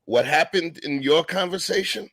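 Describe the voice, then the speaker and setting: Gravelly-voiced man in casual talk. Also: on the high side, normal speed, no echo. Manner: animated, emphatic, slangy. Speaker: podcast co-host. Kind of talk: casual commentary chat.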